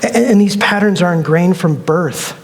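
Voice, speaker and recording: High-voiced pastor in a reverberant church. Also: male voice, moderate pace. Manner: conversational storytelling with acted quotes. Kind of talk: sermon. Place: church sanctuary.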